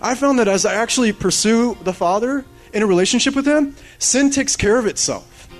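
A man in his thirties preaching a sermon in a casual, rambling, animated way. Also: very high voice, fairly quick. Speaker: pastor. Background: soft guitar strumming.

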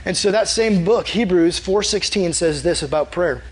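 A man's voice: sits high, normal speed, breathy edge, rough recording. A young man preaching a casual, conversational sermon as a youth pastor, often acting out prayers in a quoted voice.

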